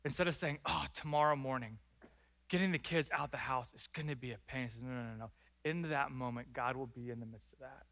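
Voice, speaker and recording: A male pastor preaching a sermon in church, animated and acting out prayers and complaints. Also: medium pitch, fairly quick, vocal fry. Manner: animated, acts out prayers and complaints in lively voices.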